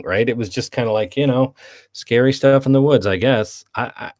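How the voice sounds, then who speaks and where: A man with a medium-pitched voice talks a little fast as he co-hosts a film review podcast. He keeps things casual and animated, acting out quoted dialogue in playful voices.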